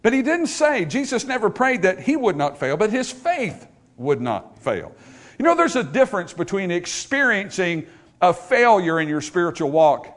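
A man preaching a sermon to a congregation, dropping to a hush for scripture and rising to loud emphasis. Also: high-pitched, sing-song. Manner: swings from hushed, drawn-out scripture quotes to loud, emphatic preaching. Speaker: pastor. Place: church in front of a congregation.

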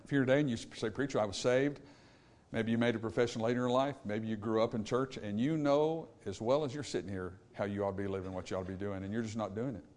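A man preaching, swinging between loud emphatic points and hushed pleading. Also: on the low side, steady tone, quick pace. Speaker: pastor. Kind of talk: sermon. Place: church sanctuary.

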